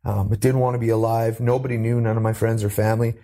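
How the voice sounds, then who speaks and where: A man from Canada telling his life story as an interview guest, earnest and animated, lifting his voice when he quotes people. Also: fast. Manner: earnest, acts out quoted voices with rising pitch.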